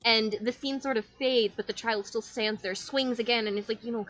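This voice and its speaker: A woman's voice: on the high side, steady tone, brisk, fairly bright tone, rough recording. A woman narrating a tabletop game as game master, in flowing, descriptive storytelling.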